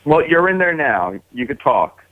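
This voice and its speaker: A man's voice: a little high, sing-song, normal speed, no room sound. A male caller on a call-in show, exasperated and stammering as he talks. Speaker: caller, chat room owner. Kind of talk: phone call-in. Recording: tinny phone line.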